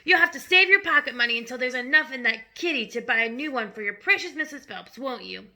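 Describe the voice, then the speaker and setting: A woman's voice: high-pitched, lively intonation, fast, sharp tone, exaggerated voice. A woman voicing a spiteful, jealous father with a sneering, mocking manner, reading a storybook aloud.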